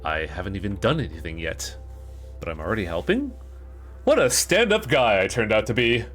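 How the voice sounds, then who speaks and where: A man's voice: on the low side, big pitch swings, normal speed, fairly bright tone, faint music behind. A man streaming a game live, making sarcastic, profane comments. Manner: sarcastic, swears.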